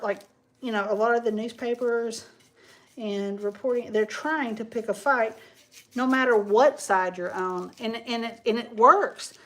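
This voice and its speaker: A woman hosting a live crafting stream, chatting casually in a rambling way and reading viewer comments aloud as she works. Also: a little high. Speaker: craft livestream host.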